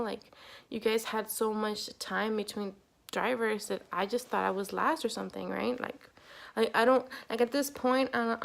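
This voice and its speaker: A young woman vlogging straight to her viewers, retelling her story in a chatty, exasperated way. Her mid-range voice has a gravelly fry, and she fills it with "like" and "you know what I mean". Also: mid-range voice. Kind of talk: casual storytime vlog.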